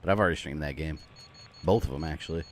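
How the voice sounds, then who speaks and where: A man hosting a livestream and rambling in relaxed, chatty commentary while he plays a game. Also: rumbling low, quick pace, a little hiss or hum. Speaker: livestream gamer host. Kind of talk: casual gameplay commentary.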